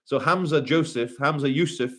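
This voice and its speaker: A man on a casual livestream reading chat aloud, rambling and swearing with quick asides. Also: fairly high pitch, a bit bright.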